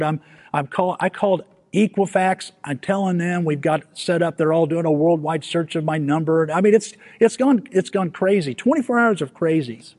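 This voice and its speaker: A man preaching a storytelling sermon, animated and self-mocking, acting out the scenes he recounts. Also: a little high. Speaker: pastor. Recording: long hall reverb.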